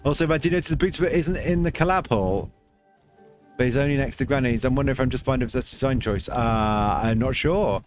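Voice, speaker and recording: Man, casual stream chatter, rambling, mid-pitched voice, faint music underneath. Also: fairly quick. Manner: chatty, reads chat aloud, rambling with restarts. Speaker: livestream host. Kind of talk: casual game livestream chat.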